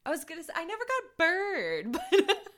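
A woman's voice: very high-pitched, wildly swooping pitch, moderate pace, fairly bright tone. A woman co-hosting a casual chat, teasing and laughing a lot. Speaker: podcast co-host.

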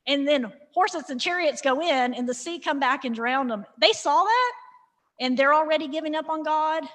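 A woman with a high voice gives a lively, sarcastic Bible lesson, slipping in jokes as she goes. Her voice rings out through a large hall with a long echo. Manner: lively, sarcastic, acts out characters. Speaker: Bible teacher. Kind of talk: humorous Bible teaching. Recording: reverberant hall.

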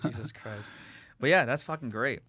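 A man's voice: medium pitch, a bit bright, slightly rough, no room sound. A young man hosting a podcast in casual chat, enthusiastic and profane. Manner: profane, enthusiastic, quick retelling. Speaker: podcast host.

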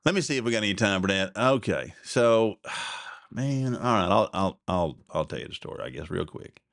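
A man's voice: lowish voice, lively intonation, moderate pace, creaky, a bit bright, no room sound, studio quality. A man, hosting a podcast and telling a rambling personal story in a self-deprecating, chuckling way. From Oklahoma. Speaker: podcast host.

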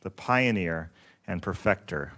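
A man preaching a sermon, reading scripture in a slow, solemn and measured way. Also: deep voice, fairly bright tone. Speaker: pastor.

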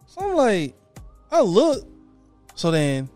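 Young male co-host, lively swearing storyteller, high pitch, light music under. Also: slow pace. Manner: animated, profane, acts out his own reactions. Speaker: podcast co-host. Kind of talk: casual storytelling chat.

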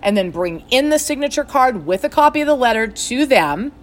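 A woman's voice: high-pitched, a little fast. A middle-aged woman who owns a fitness studio franchise, telling a long story and acting out the phone calls she quotes. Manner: animated, acts out quoted exchanges. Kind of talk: storytelling monologue.

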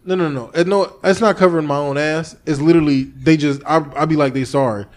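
A man hosting a podcast in casual chat, telling a story with lively energy, acting out what he and others said, and swearing freely. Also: a little high, fast. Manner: animated storytelling, acting out his own past lines, swearing freely. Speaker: podcast host.

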